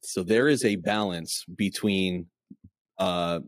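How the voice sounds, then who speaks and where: A man hosting a faith podcast interview, measured and reflective, summing up what his guest shares. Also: sits low, no echo. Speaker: podcast host, pastor.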